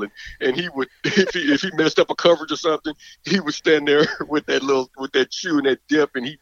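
A former football player telling a story in a casual, rambling way, laughing often and repeating words. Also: male voice, medium pitch, dry recording. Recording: dull, dry recording.

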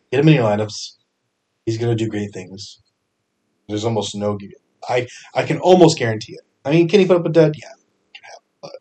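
Chatty, energetic man with a lowish voice. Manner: energetic, chatty, with fillers and self-corrections. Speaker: fantasy sports podcast host. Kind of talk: casual solo podcast picks.

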